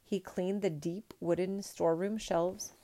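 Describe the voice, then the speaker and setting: A woman reading a picture book aloud in a measured, expressive storytelling manner. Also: on the low side.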